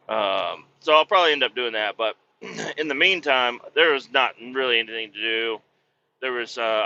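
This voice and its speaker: Profane joking man, very bright voice. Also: mid-range voice, dull audio. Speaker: vlogger. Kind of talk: casual rambling monologue while driving. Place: in a truck on a rainy day.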